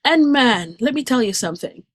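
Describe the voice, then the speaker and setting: A woman's voice: a little high, expressive, normal speed, no echo. A woman giving an earnest, emotional personal testimony about a near-death experience, recounting it vividly and restarting her sentences as feelings rise. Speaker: guest speaker sharing a near-death experience.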